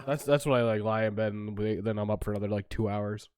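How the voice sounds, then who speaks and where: A man's voice: on the low side, steady tone, quick pace, darkish tone, clear, resonant tone. A man co-hosting a casual podcast chat, reacting to his friend's story with teasing remarks and casual swearing. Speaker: podcast co-host.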